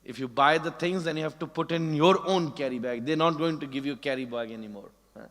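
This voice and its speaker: A man's voice: on the high side, brisk, fairly bright tone. A man telling a devotional story, prompting listeners with frequent "huh?", in a large hall. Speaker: spiritual preacher. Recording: long hall reverb.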